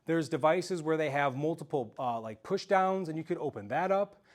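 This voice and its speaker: A man telling a story in an animated, self-mocking way during a talk to a live audience. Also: fairly high pitch, moderate pace. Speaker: speaker giving a self-defense talk.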